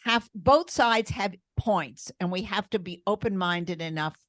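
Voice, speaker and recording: A woman's voice: medium pitch, a little slow, dry recording, clean studio sound. An older woman co-hosting a casual chat, giving emphatic opinions in long runs with fillers. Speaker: grandmother co-host.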